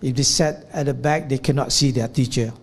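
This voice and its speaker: A man's voice: medium pitch, fairly even intonation, a little fast, a little hiss or hum. A man preaching a sermon, telling stories and acting out quotes along the way. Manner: storytelling sermon with acted quotes. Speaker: pastor.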